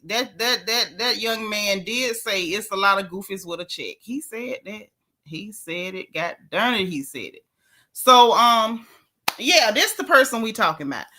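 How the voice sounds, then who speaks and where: A woman's voice: a little high, pushed and bright. A woman hosting a casual celebrity gossip show, sassy and chatty, talking straight to her viewers as y'all and reading their comments aloud. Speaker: gossip channel host.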